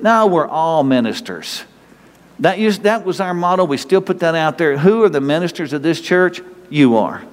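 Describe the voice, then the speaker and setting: A man with a North Texas accent, a pastor giving a lively, conversational sermon full of rhetorical questions. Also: a little high, moderate pace, long reverb tail.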